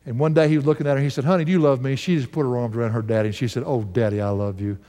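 An older man preaching a sermon, swinging from rising, fervent calls to hushed, slow storytelling. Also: big-room sound. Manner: animated preaching, swinging from high shouts to low hushed storytelling.

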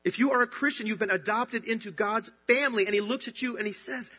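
A fast-talking man with a high, slightly rough voice preaches as a pastor, earnest and emphatic, with excitement rising in bursts. The recording is dull and drenched in long hall reverb.

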